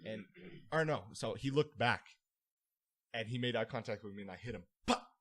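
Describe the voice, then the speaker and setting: A man's voice: mid-range voice, normal speed. A young man, a podcast co-host, telling a school story in casual chat, acting out voices and laughing often. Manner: animated storyteller, acts out voices loudly, laughs a lot.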